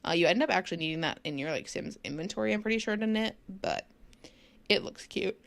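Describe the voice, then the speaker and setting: A young woman talks through a game build in a relaxed, rambling way, full of fillers and small laughs. She sounds sleepy, and her voice has a gravelly fry while her pitch moves around a lot. The sound is dry and close. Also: quick pace, dry recording. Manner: chatty, rambling, many fillers and little laughs. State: sleepy, yawning. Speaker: gaming channel host. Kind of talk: casual speed-build commentary.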